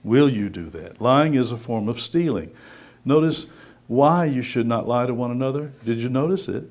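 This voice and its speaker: Preacher, male, mid-pitched, animated sermon delivery full of rhetorical questions. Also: moderate pace. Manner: lively, conversational, acts out voices and asks rhetorical questions.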